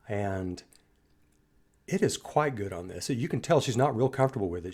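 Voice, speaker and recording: Low-voiced man in admiring reflection. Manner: reflective and admiring, trailing off into soft pauses. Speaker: music reaction host. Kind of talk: casual reaction commentary.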